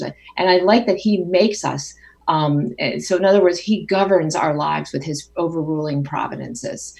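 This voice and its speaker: Woman, middle-aged, interview guest, earnest, thoughtful, frequent restarts, lowish voice. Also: moderate pace, vocal fry, a little mellow. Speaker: author and guest. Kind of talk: phone interview conversation.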